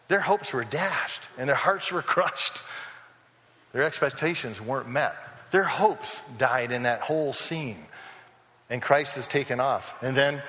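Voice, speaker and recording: Male pastor, fairly high and forceful voice, chatty sermon storyteller, church hall reverb. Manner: conversational storytelling, acting out quoted voices.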